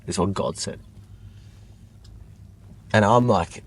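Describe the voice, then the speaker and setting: Young aussie guy telling a story, low voice, rambly, says like a lot. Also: takes it slowly, gravelly, long pauses, breathy edge. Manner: rambling, lots of "like", animated retelling. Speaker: guest. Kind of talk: casual storytelling chat.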